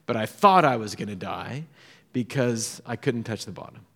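Storytelling pastor in an echoey hall. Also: male voice, on the low side, lively intonation, moderate pace, creaky. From Southern California. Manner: storytelling, drops to a soft hush for emphasis. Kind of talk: sermon.

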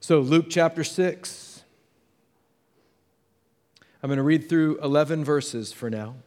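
A middle-aged man, a pastor, telling a story in a sermon and jumping his voice up to act out the people in it. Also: slow pace. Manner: animated storytelling, acts out voices with jumps in pitch.

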